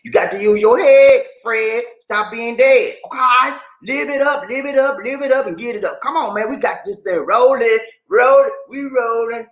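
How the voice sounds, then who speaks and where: A man's voice: very high voice, normal speed, few pauses, fairly bright tone, muffled recording. A man hosting a casual dating advice video, playful and hyping up his viewers with repeated phrases. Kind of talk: casual hyped video talk. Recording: echoey room.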